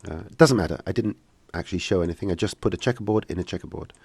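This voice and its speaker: Give me a man with a deep voice and a dry close sound, casually fielding questions in a live tutorial stream. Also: racing, darkish tone, breathy edge, no echo. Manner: casual, joking, hesitant with many fillers. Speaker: software instructor.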